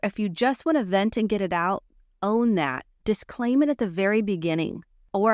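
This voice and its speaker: A woman's voice: mid-range voice, lively intonation, moderate pace, darkish tone, no room sound, studio quality. A woman therapist hosting a podcast, teaching communication skills in an earnest, coaching monologue and acting out sample phrases.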